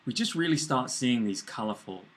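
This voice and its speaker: A man's voice: medium pitch, animated, normal speed. A British man co-hosting a live marketing video, joking around and rambling with lots of fillers. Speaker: co-host.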